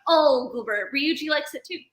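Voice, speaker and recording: A woman's voice: sits high, normal speed, reverberant, heavy background noise. A woman with a Canadian accent, a voice actress guest chatting in an interview and acting out the dialogue she quotes. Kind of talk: casual interview chat.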